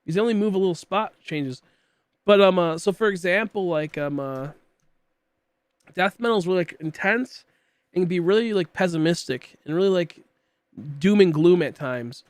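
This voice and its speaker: A late-twenties man with a high-sitting voice chats casually at a moderate pace while streaming a game, full of fillers and tangents. His throat tickles, so he coughs now and then, with no echo on the recording.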